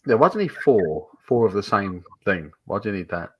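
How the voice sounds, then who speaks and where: A fairly low-pitched man joining casual stream banter. He is blunt and swears freely, complaining plainly about the bar staff. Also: very animated, brisk, husky, no room sound, lo-fi sound. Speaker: guest co-host.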